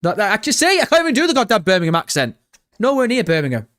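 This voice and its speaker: Excitable British man live-streaming. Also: high-pitched, very fast. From Britain. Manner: excitable, swears often, chats directly to viewers. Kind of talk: casual live-stream chat.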